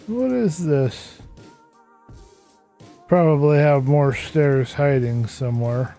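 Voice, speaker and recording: A man's voice: fairly high pitch, takes it slowly, pauses often, warm tone. A tired, worn-out man streaming a building game, rambling to himself as he works and greeting viewers in chat. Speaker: Minecraft streamer. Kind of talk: casual live-stream commentary while building. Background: background game music.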